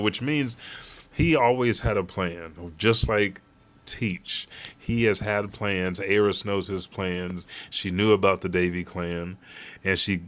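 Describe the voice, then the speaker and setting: A young adult man with a lowish voice narrates a manga chapter live. He reacts as he goes, with casual, profane, excitable fan commentary between panels. The delivery is loose and conversational. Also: slow.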